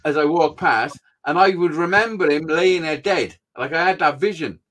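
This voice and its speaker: A man's voice: a little high, normal speed, a bit bright. A man, host of a live show, telling rambling sweary anecdotes in casual chat.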